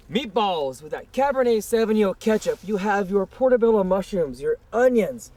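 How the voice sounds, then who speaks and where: A man hosting an outdoor grilling show, talking through a recipe in a hammy, excitable way and hollering over the food. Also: high voice, normal speed, few pauses. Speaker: cooking show host. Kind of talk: upbeat cooking demo chat.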